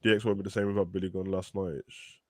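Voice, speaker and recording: Fast-talking man, dry sound. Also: sits low, level tone, darkish tone, no room sound. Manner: fast, slangy, laughing storyteller. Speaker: wrestling show co-host. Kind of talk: casual chat.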